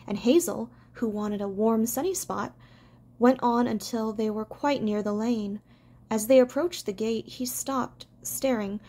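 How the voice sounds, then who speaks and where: A woman doing amateur audiobook narration, gentle and unpolished, with small stumbles. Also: a little high.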